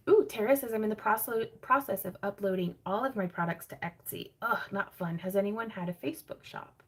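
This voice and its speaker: A woman with a drawl hosts a relaxed livestream sale from her craft room. Her voice is gravelly and husky, and she rambles through viewer comments with lots of fillers and quick laughs. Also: medium pitch. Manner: chatty and rambling, laughs often, many fillers. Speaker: craft shop owner hosting a livestream sale. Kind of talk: casual livestream chat, reading viewer comments.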